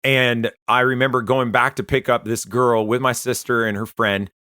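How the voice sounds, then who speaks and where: A man recounts his own testimony in an earnest, conversational way, stopping and restarting as he goes. His voice is bright and forceful. The recording is dry, with no room sound. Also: medium pitch, little pitch movement, no echo. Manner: earnest, conversational, halting retelling. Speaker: Christian testimony speaker. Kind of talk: personal testimony storytelling.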